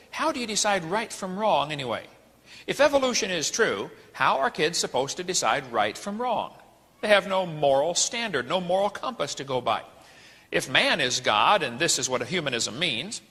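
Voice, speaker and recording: A man's voice: on the high side, bright, forceful tone, breathy edge. A man giving an emphatic, preacherly lecture full of rhetorical questions, recorded in an echoey hall. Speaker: speaker.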